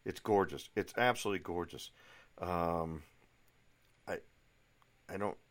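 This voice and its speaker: A man's voice: low voice, a little slow. A middle-aged American man hosting his own podcast, chatting through a rambling, enthusiastic solo monologue full of asides. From United States. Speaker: podcast host.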